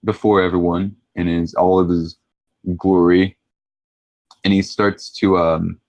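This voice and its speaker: Slow, low-voiced man running a tabletop game. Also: flat delivery, darkish tone, no echo, low-quality recording. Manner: halting, full of fillers and restarts, laughs often. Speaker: game master.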